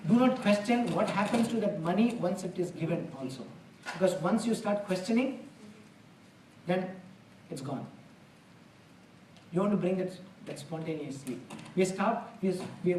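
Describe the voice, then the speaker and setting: In a temple hall, a spiritual lecturer with a high, slightly mellow voice gives a conversational discourse at a moderate pace. He's earnest and plain-spoken, using homely examples, and the distant mic makes it roomy, with slight background noise.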